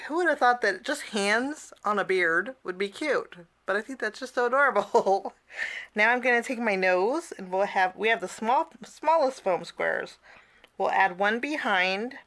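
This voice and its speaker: A woman's voice: mid-range voice, a bit bright. A woman teaching a casual cardmaking tutorial, chatty, with personal asides and frequent fillers.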